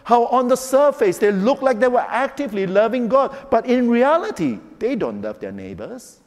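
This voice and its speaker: A man preaches with a high, lively voice that jumps around as he acts out the quotes he reads. His sermon rings with the long echo of a large hall. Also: moderate pace. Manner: animated preaching, acting out quotes. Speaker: pastor.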